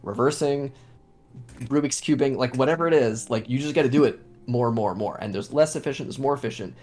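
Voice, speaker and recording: A man's voice: medium pitch, fast talker, a little mellow. A man speaking as a guest on a panel, earnest and informal, leaning on "like" and "right?". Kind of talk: casual panel chat.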